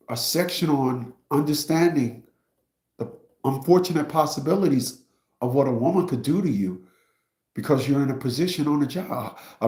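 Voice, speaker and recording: A man with a fairly high, slightly mellow voice tells his viewers a story in a casual, emphatic, profane rant, addressing the audience directly. He's a streamer and commentator, and the recording has a roomy echo.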